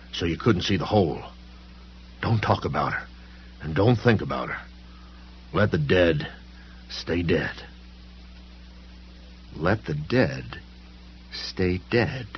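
Man voicing a haunted townsman, quiet and shaken, on a slightly dull recording. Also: moderate pace, slight background noise, lightly acted. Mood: fearful warning. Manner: low, hushed and shaken. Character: frightened middle-aged man, haunted and pleading.

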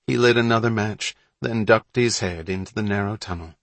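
Low-voiced guy reading a spooky kids story, husky, dry close sound. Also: moderate pace, hardly any pauses, fairly bright tone, no echo. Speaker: narrator. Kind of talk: audiobook narration.

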